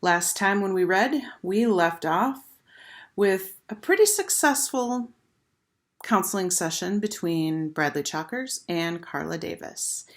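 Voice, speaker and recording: A woman teacher reads a children's chapter book aloud, gentle and measured. Her voice sits fairly low for a woman.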